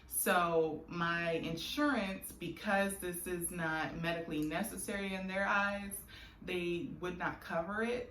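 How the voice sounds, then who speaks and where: A young adult woman vlogger, her voice on the low side and a bit bright, tells a personal story candidly and emotionally. She laughs often and uses many fillers. The room is echoey, with faint background noise.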